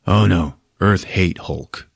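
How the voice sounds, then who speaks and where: A man voicing a big, dim male brute who talks slowly in broken caveman speech, retelling a superhero movie scene on a podcast. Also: low-pitched, gravelly, slightly rough, heavily acted. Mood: blunt.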